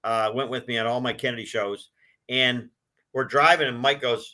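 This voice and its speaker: Older man with a bright, forceful voice. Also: medium pitch, fairly even intonation, moderate pace. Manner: rambling anecdotal storytelling, acts out quoted voices. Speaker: guest, collector of a presidential car. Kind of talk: casual storytelling interview.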